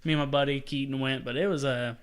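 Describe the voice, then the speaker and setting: A young man co-hosting a casual sports podcast, telling stories in a profane, animated way and mimicking other people. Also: medium pitch, fast, clear, resonant tone. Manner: profane, animated storytelling with mocking voices. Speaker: podcast co-host.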